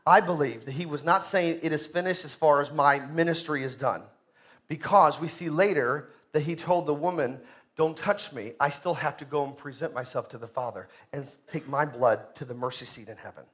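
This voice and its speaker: A man, a pastor, preaching a sermon in a church, emphatic and rising loud on key points. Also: a little high, moderate pace.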